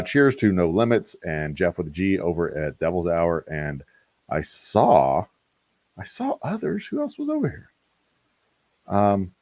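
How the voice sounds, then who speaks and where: A man's voice: low voice, a little mellow, no room sound. A man, hosting a casual distillery livestream and chatting to viewers with rambling, joking asides. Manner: rambling, talks to chat, self-deprecating jokes.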